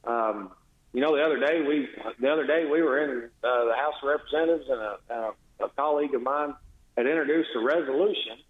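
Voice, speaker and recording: A man's voice: mid-range voice, fairly quick. Man, state legislator, phone-in guest, blunt, sarcastic, tinny phone line, echoey. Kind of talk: phone-in radio interview.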